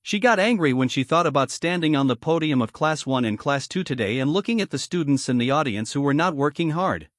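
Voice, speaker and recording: A man narrating a comic story recap in a steady scripted read. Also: fairly high pitch, brisk, few pauses, dry recording, clean studio sound.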